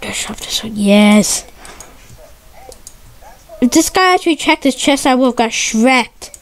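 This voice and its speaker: A woman giving excitable, stuttery gameplay commentary, repeating her exclamations and swapping curses for mild words. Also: on the high side, unhurried. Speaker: gamer.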